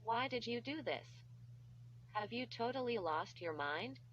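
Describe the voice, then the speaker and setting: A woman's voice: on the high side, lively intonation, unhurried, a bit bright, slight background noise. A woman reading the part of a flustered, scolding mother in an audiobook. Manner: exasperated, scolding. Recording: dull lo-fi recording.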